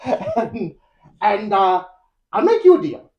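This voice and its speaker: A podcast host voicing a crude, scheming old hag who is secretly a witch, shouting her bargain in a shrill voice. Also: huge pitch swings, slow, highs cut off. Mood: wheedling.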